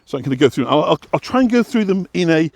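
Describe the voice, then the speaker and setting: Man, from West Yorkshire, walking-tour vlog chat, rambling with fillers, animated up-and-down voice, dry close sound. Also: on the high side, quick pace, gravelly, no echo. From West Yorkshire, England. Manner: chatty, rambling, many fillers and restarts. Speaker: walking guide and vlog host. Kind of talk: casual explanatory chat while walking. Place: outdoors on a moorland path.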